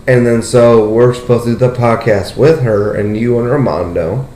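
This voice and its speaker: Animated young man telling a story. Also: moderate pace. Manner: animated storytelling, leaps up in pitch when excited, peppered with "like" and "dude". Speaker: podcast host. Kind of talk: casual podcast chat. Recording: roomy echo.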